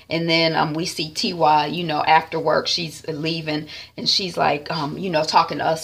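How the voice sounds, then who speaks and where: A woman's voice: deep voice, flat delivery, normal speed, gravelly, few pauses, a bit bright, slightly rough. A woman giving a chatty, rambling casual recap of a TV episode, with many fillers. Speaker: TV series reviewer.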